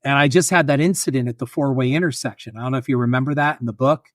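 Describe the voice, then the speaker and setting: Male guest, animated storyteller, acts out voices, dry close mic. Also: medium pitch, rapid-fire, no echo. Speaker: guest filmmaker and author. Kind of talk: casual storytelling.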